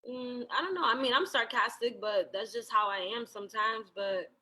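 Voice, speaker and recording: Bright, breathy woman chatting. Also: a little high, moderate pace, rough recording. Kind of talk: casual chat.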